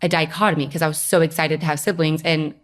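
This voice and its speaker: A young woman, a podcast guest, telling her personal story in a lively, conversational way. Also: low-pitched, fast talker. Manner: animated storytelling, acts out her own past voice.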